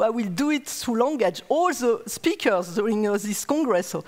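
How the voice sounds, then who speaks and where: A native French speaker from France, this woman is a neuroscientist giving a conference lecture in a large hall, explaining earnestly in a mid-range voice with a French accent. She repeats words as she hunts for them, and the recording echoes with the lecture hall's reverb.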